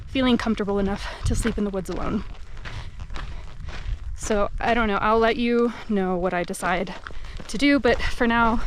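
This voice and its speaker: A woman's voice: medium pitch, normal speed, long pauses, slight background noise, rough recording. A young woman talking to her camera on a solo backpacking trip outdoors, chatty and candid, with fillers and self-corrections. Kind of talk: casual vlog narration to camera. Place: outdoors on a mountain trail.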